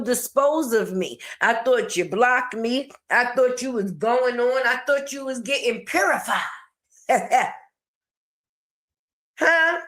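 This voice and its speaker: An online commentator with a high-pitched, fairly bright female voice rants in sassy slang. She makes fun of the person she's discussing and talks right back at them.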